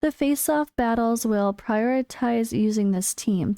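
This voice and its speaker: Woman gaming host, slightly hoarse, mellow tone, dry close sound, excitable patch-note commentary. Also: unhurried, no room sound. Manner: excitable, bursts into high exclamations. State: voice going hoarse. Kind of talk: reading patch notes with commentary.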